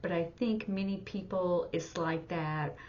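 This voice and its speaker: Low-voiced woman teaching, halting. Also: darkish tone. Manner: halting, thinking aloud, with many fillers. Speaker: sign language teacher and interpreter. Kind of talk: casual explanatory lesson. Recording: dull lo-fi sound with faint noise.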